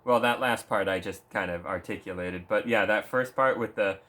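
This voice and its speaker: His voice is fairly low, pushed and bright, at a moderate pace. The man, a gaming vlogger, launches into a casual, swear-filled and rambling rant that makes fun of the video games in question.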